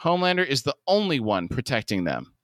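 A man's voice: mid-range voice, very animated, brisk, fairly bright tone, dry recording, studio quality. A man voicing a smug, conspiracy-minded stepfather while reading a scene. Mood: dismissive.

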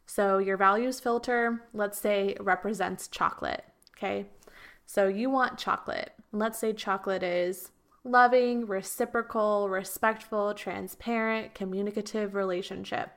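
A woman's voice: mid-range voice, creaky, a bit bright. An earnest woman talking through a solo podcast episode as a relationship coach. She circles back over her points and sometimes slips into quoted voices to make them vivid. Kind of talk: reflective solo podcast talk.

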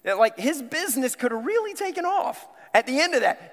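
A man's voice: very high voice, very animated, fast talker, few pauses, a bit bright. A male pastor from the American South preaching conversationally and talking directly to his congregation. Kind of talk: sermon. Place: large church sanctuary. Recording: long reverb of a church hall.

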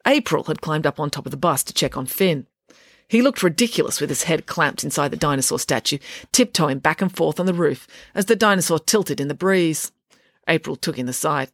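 A woman narrating a children's audiobook in a lively, expressive way. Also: sits low, no room sound, studio quality. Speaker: author and narrator.

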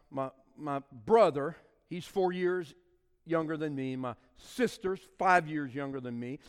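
A middle-aged man preaches in a fairly high, animated voice that rises into loud declarations and drops into quiet asides. His voice rings with the long reverb of a large hall. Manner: preaching with sweeping swings between loud and soft. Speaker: pastor. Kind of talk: sermon.

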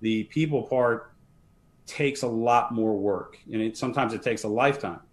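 A man's voice: mid-range voice, normal speed. A man guest on a podcast interview, talking earnestly and emphatically, often repeating words as he starts a sentence. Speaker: fire service leadership trainer, guest.

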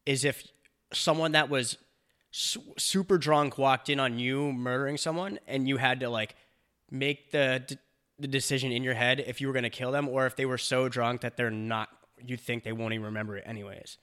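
Rambling crude man, bright voice. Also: mid-range voice, fairly even intonation, normal speed, clear, resonant tone. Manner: rambling, crude, lots of fillers and restarts. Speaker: podcast co-host. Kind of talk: casual chat.

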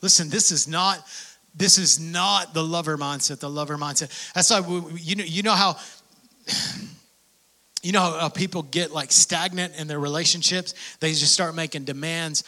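A man preaching a sermon, dropping to whispers and rising to shouts, acting out prayers in dialogue. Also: fairly high pitch, steady tone, a little slow. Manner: swings from hushed whispers to shouted passion; acts out prayers and quotes in dialogue.

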